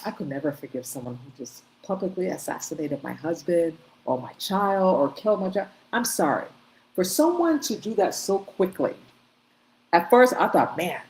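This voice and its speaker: A woman's voice: lowish voice, a little mellow, poor audio. A woman hosting an opinionated commentary, talking emphatically in short bursts and repeating herself. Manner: emphatic, repetitive, talks in short bursts with restarts. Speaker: commentary host. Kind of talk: opinionated commentary on video clips.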